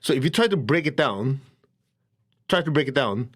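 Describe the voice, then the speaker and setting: A man's voice: mid-range voice, lively intonation, moderate pace, husky. A man teaching a spiritual lecture to an audience, telling stories animatedly, acting out quoted voices and laughing often.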